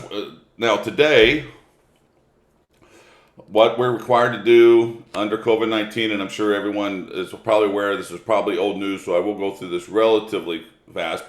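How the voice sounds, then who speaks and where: Folksy low-voiced man presenting. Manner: folksy, joking storyteller. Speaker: webinar presenter. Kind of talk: casual webinar lecture. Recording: echoey room.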